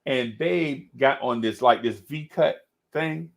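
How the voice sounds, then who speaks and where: A middle-aged man telling a story in an animated, casual way, laughing often and calling his listener "bro.". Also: medium pitch, takes it slowly, vocal fry. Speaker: podcast host.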